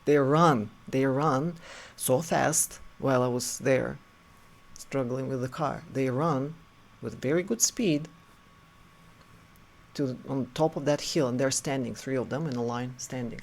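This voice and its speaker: A man's voice: medium pitch, measured pace, creaky. A man casually telling a personal story, full of fillers and acted-out quotes. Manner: filler-heavy, acts out quotes. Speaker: storyteller host.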